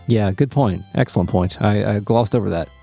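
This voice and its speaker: A man's voice: fairly low pitch, normal speed, vocal fry, husky, faint music behind. A man co-hosting a podcast, chatting casually, joking and swearing, and reading game dialogue aloud. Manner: swearing, jokey, animated when reading lines. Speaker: podcast co-host.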